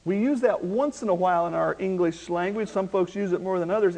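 A male pastor preaching a sermon, slowing down to stress key words and swinging between hushed asides and loud, rising emphasis. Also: high voice, low-quality recording. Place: church.

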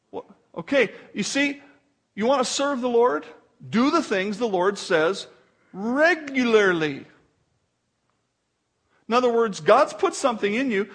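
A man's voice: sits high, fairly bright tone, husky. A man preaching a sermon as pastor in a conversational way, with asides and laughter.

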